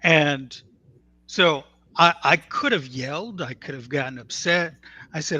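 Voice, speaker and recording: A man's voice: fairly high pitch, a little slow, pushed and bright. A man telling a family story in a conversational, matter-of-fact way, acting out what others said. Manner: earnest, matter-of-fact, quotes others as he tells it.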